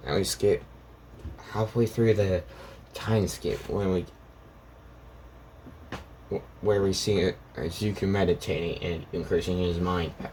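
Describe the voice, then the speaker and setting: A man telling a made-up fan story off the cuff, rambling and halting, voicing the characters' lines as he goes. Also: deep voice, fairly even intonation, darkish tone, slight background noise. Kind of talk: improvised fan story narration.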